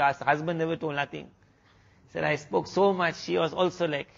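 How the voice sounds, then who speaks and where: A man's voice: a little high, brisk, vocal fry, muffled recording. A man preacher with a South African accent, telling a sermon story full of quoted exchanges. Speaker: Islamic preacher.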